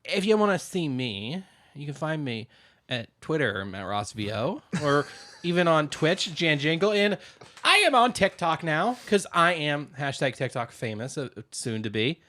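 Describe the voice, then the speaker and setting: Male podcast co-host, animated and teasing, slightly high, very expressive voice. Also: measured pace. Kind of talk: casual podcast banter.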